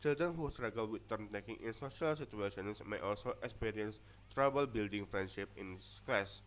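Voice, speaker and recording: A young man with Indonesian as his native language and an accent to match gives a class presentation from notes, with frequent stumbles and restarts. His low-leaning voice is a bit bright and moves at a moderate pace. The recording is dull and lo-fi.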